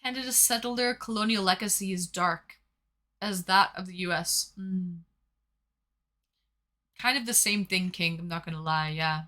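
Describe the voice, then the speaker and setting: A woman's voice: medium pitch, unhurried, long pauses, pushed and bright. A young woman hosting a casual live stream from home, reading chat messages aloud in a chatty, playful way. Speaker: livestream host reading chat.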